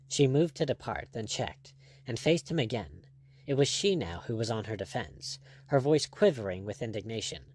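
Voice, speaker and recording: A man narrating an adventure novel in a measured, expressive reading. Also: medium pitch. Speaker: audiobook narrator. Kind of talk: scripted narration.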